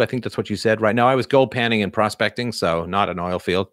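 Middle-aged male livestream host, low register, loose rambling delivery, dry room. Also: fast talker, no echo. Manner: rambling, lots of fillers and restarts. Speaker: livestream host answering viewers. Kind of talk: casual live chat.

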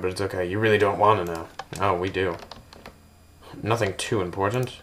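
A man with a very deep voice rambles through a casual tour of a game build, tossing out jokes and goofy asides as he goes. Faint keyboard clicks and typing sit under his voice. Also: steady tone, fairly quick, pushed and bright, slight background noise. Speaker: gameplay video host.

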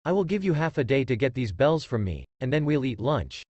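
Kakashi, a man reading as a deadpan ninja teacher. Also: mid-range voice, brisk, dry recording, lo-fi sound. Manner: deadpan and offhand. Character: laid-back, deadpan adult male ninja teacher.

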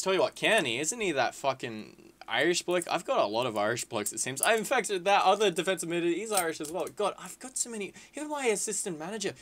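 A man giving casual, excitable gameplay commentary, swearing freely and calling his viewers lads and boys. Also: sits high, fast, few pauses. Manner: excitable, swears a lot, shouts at big moments. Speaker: gaming video creator.

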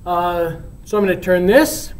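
A woman's voice: lowish voice, unhurried, a little mellow, slight background noise. A woman teacher casually retelling a play in a chatty, explaining way. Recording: roomy, from far off.

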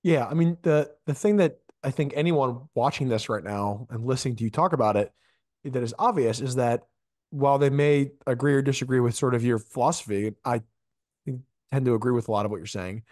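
Halting male podcast host. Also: mid-range voice, darkish tone, no room sound, clean studio sound. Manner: halting, lots of fillers. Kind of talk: casual interview.

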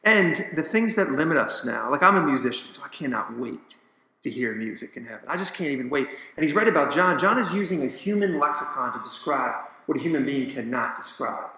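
A man's voice: fairly high pitch, lively intonation, brisk, sharp tone. A man who is a musician, speaking on a church discussion panel in an earnest and enthusiastic way. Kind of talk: casual panel talk. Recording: echoey hall.

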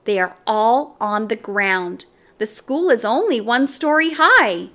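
A woman voicing a friendly young male yard teacher who tells a story to a class with patient, lively storytelling. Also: a little high, takes it slowly, exaggerated voice.

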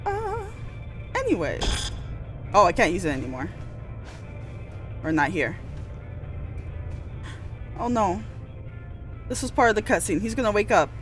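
Woman gamer, shaky and teary, excitable horror playthrough commentary, unhurried between scares, lively high voice. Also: soft background music. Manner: excitable, screams and laughs through scares. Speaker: gaming streamer. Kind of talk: horror game let's play commentary.

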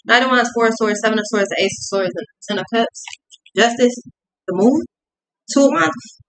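A young woman doing a casual tarot reading, profane and full of slang, acting out both sides in quick asides. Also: on the high side, fairly bright tone, rough recording. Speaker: tarot reader.

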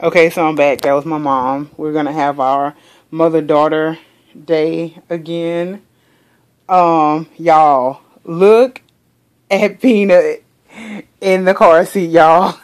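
A young woman vlogger gushing excitedly in casual chat, saying y'all a lot. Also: lowish voice, slow.

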